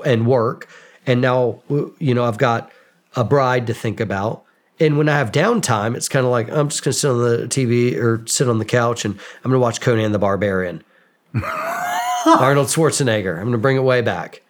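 A man in his forties, a podcast guest, casually telling self-mocking stories and acting out both sides of the exchanges. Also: mid-range voice. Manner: animated, self-mocking, acts out quoted exchanges. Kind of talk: casual storytelling interview.

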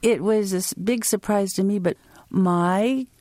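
A woman from the United States telling a personal story in an unhurried, expressive way, letting her words land one by one. Her voice sits in a middle register. The sound is dry and close. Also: medium pitch, no echo. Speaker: storyteller and interview guest.

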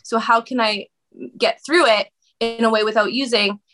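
A woman guest on a podcast speaking candidly about her own experiences in an expressive, animated conversational way. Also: fairly high pitch. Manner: animated, expressive, quick bursts of speech.

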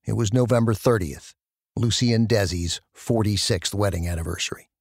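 A man giving measured, scripted documentary narration. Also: lowish voice, creaky, darkish tone, no echo, studio quality.

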